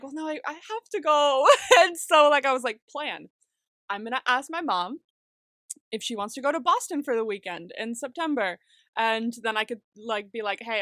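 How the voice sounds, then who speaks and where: A young woman co-hosts a podcast in loose, excitable chat, cursing freely and breaking into laughter often. Her voice sits a little high and rings bright. The sound is dry and close. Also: no echo. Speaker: podcast co-host. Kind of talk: casual chat.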